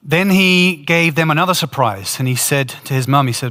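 A male pastor delivers a sermon with a bright, forceful tone and a slightly raised pitch. He tells his story in an earnest, animated way. His voice rings out with the long reverb of a church hall. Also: moderate pace.

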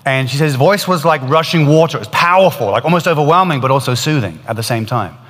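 A man's voice: medium pitch, expressive, fast talker, a bit bright, big-room sound. A man preaching a sermon, retelling a story in an earnest, emphatic way that swells and drops in intensity.

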